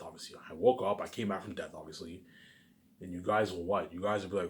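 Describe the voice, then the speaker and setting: Man, low-pitched, rapid delivery, rambling vlog monologue, repetitive, swears. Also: fairly bright tone. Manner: heated, repetitive rant; swears often, keeps saying "obviously". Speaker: vlogger.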